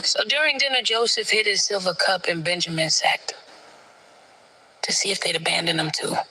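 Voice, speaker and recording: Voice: mid-range voice, fairly even intonation, normal speed, slightly rough, poor audio. A storyteller retelling a Bible story in casual slang, talking straight to the listeners. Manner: casual, chatty, addresses listeners as y'all. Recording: voice over loud music. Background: loud music.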